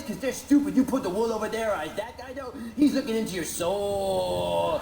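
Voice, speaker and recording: A man doing a brash stand-up comedy routine on stage, animated and loud at times. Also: high-pitched, brisk, vocal fry, hardly any pauses. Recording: echoey venue with noise.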